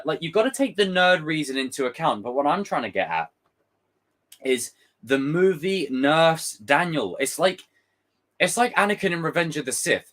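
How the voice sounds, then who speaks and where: Animated, rambling young man. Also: on the high side. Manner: animated, rambling, jokey, swears casually. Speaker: streamer reacting to a trailer. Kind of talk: casual live commentary.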